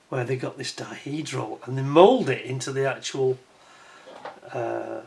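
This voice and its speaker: A man's voice: mid-range voice, gravelly, fairly bright tone, a little hiss or hum. A man giving a casual hands-on review of a scale model kit, chatty and admiring, with wry self-mocking asides.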